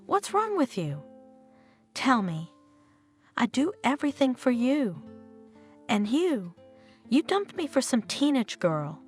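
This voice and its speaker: Woman doing an enraged cheated-on wife, high and swingy, yelling at him. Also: sing-song, slow pace, pauses often, soft background music, exaggerated voice. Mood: furious. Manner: shouting, indignant outbursts. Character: furious betrayed wife, young adult woman.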